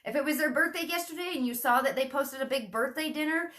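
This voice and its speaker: A woman's voice: sits high, fast, few pauses, a bit bright. A woman coaching her sales team in a casual, chatty teaching talk, acting out sample messages in a perkier voice. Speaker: network marketing team coach.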